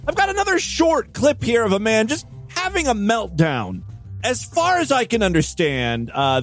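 A man hosting a podcast, giving crude, irreverent commentary on clips. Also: high-pitched. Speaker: podcast host.

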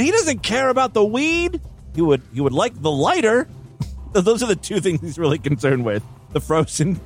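A man's voice: high voice, breathy edge. A man hosting a podcast, giving crude, irreverent commentary on clips. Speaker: podcast host.

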